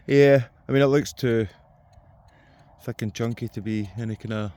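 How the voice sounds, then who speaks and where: A man's voice: mid-range voice, steady tone, unhurried, darkish tone, a little hiss or hum. A Scottish man hosting a casual outdoor vlog, joking, teasing and laughing readily. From Scotland. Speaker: channel host. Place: outdoors in a field.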